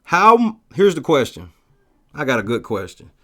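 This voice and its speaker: Animated, profane man hosting a livestream. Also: mid-range voice, normal speed. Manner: profane, animated storytelling with shouted quotes. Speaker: livestream host reading chat. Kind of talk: casual livestream chat.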